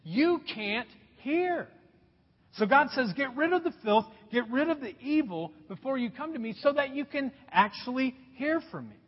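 Brief: high, lively male pastor, slightly husky, preaching in a long-echo hall on a dull recording. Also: a little fast, few pauses. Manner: emphatic, repeats key phrases, drops to quiet. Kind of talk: sermon. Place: church auditorium.

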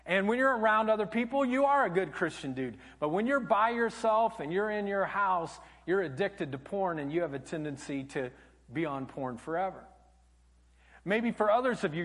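A male pastor preaching a sermon, telling stories animatedly and dropping to a hush for emphasis, in a church auditorium. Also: high-pitched, lively intonation, moderate pace. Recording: long church hall reverb.

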